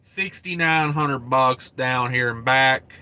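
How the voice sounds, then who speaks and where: A man hosting a casual trucking livestream, thinking out loud about loads and pay and greeting viewers by name. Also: medium pitch, slow pace, smooth. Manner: rambling, thinks aloud, reads viewer names. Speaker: trucking channel host.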